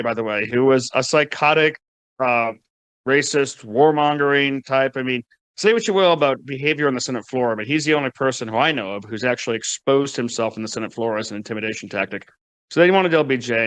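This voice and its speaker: A man's voice: mid-range voice, a bit bright, smooth, no room sound. A man giving casual political commentary, wry and mocking, often restarting his words.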